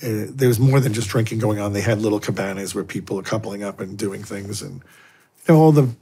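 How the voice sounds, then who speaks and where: A middle-aged man with a husky, slightly low voice tells personal stories as a guest in a long interview. He is a Catholic priest, and he brings each anecdote to life by acting out what people said. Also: fast talker. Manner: animated anecdotes, acting out dialogue. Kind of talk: storytelling in a long-form interview.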